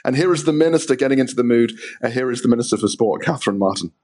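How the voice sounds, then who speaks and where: A man's voice: mid-range voice, animated, racing, darkish tone, a little hiss or hum. Chatty male radio reporter. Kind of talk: radio talk show segment.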